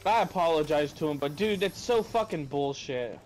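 A young gamer co-commentating over gameplay talks in a slightly high voice at a moderate pace, with a little background noise. He tells stories animatedly, swearing freely and laughing often.

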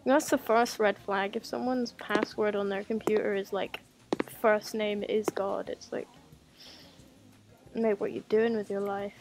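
A woman's voice: mid-range voice, level tone, unhurried, background noise. A woman giving sarcastic, casual commentary as she streams a video game, mocking what she reads on screen.

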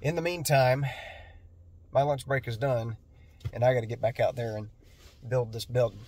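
A man's voice: mid-range voice, steady tone, moderate pace, darkish tone. A man who works as an electrician, talking to camera about his job in a plain, earnest way, with a nasal voice and a self-deprecating streak. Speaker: electrician and video creator. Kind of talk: casual vlog talk to camera. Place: on a construction job site during lunch break.

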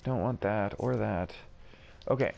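A man's voice: lowish voice, measured pace, creaky, a little mellow. A man casually commenting while playing a video game, chatty and self-deprecating, with mild exclamations. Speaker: gaming video host. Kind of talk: casual let's-play commentary.

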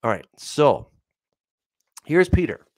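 Lively male Bible teacher, dry sound. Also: on the high side, slow pace, no room sound. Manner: animated and conversational, with frequent "all right" and "right?"; explains by reading verses and asking questions. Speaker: Bible teacher answering viewer questions. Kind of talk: casual Bible Q&A.

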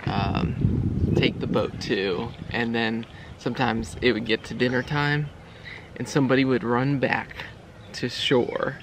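A man in his thirties telling a relaxed, slow story to his wife for a vlog, outdoors by the water. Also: mid-range voice, noisy background. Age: 30s. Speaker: vlogger. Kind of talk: casual chat.

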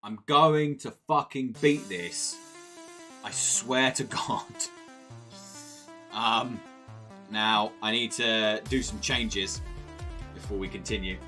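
A man's voice: on the low side, takes it slowly, pauses often, sharp tone, faint music behind. A man streaming a game live, chatting casually with viewers, swearing freely and often breaking into giggles. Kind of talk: live gameplay stream commentary.

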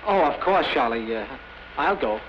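A man's voice: medium pitch, animated, normal speed, lightly acted. An actor playing a timid, fretful man who hesitates and fusses, in 1930s comedy film style. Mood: worried. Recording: hissy, muffled 1930s film soundtrack.

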